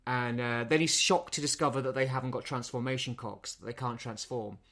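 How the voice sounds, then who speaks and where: A man's voice: mid-range voice, fairly even intonation, brisk, a bit bright. A man co-hosting a podcast and recapping a film plot in casual chat, with many repeated words and restarts. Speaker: podcast co-host.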